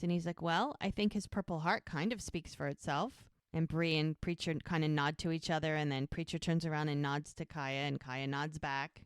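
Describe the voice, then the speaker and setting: A woman's voice: sits low, no echo, clean studio sound. A woman co-hosting a podcast, casually retelling scenes from a TV episode and briefly voicing the characters' lines. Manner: animated retelling, brief quoted character voices. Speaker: podcast co-host recapping a TV episode.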